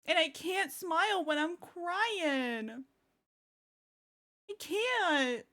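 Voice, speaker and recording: A woman's voice: very high-pitched, expressive, very slow, sharp tone. A young woman streamer chatting casually with her viewers, giggling often and gushing. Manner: giggly, laughs often and gushes. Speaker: streamer showing her new avatar. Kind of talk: casual live-stream chat.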